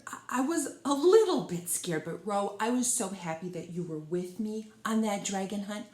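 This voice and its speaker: A woman wrapping up a children's storytime, chatting softly and warmly to a puppet and her young viewers. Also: medium pitch, reverberant. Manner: soft, chatty, talking to a puppet. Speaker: children's librarian. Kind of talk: gentle wrap-up talk to children.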